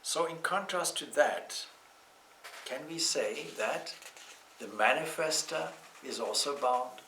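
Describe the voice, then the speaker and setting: A man with a bright, clear voice gives a calm, reflective scripture class. He sits back from the microphone, and the room around him rings with echo. His phrasing is slow and deliberate. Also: medium pitch, far from the mic, slight background noise. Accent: Irish. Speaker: monk teaching scripture. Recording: echoey room, speaker off-mic.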